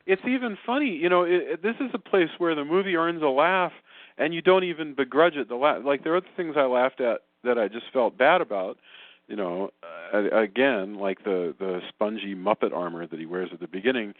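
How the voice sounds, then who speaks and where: A man co-hosting a podcast, chatting casually about a movie with rambling restarts and sudden pitch jumps. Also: no echo. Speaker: podcast co-host. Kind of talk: casual movie review chat. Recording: dry tinny phone-like audio.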